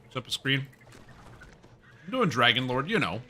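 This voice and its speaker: A man's voice: medium pitch, sing-song, moderate pace, bright, forceful tone, soft background music. A young man streaming a game, chatting casually and rambling as he jokes and answers chat. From Canada.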